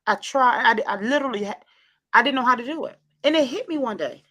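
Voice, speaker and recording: An American woman hosts a casual chat with a high, bright voice that leaps up and down in pitch. She talks in animated, exclamatory bursts, stumbling and restarting mid-sentence. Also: fast. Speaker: host. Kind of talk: casual group chat show.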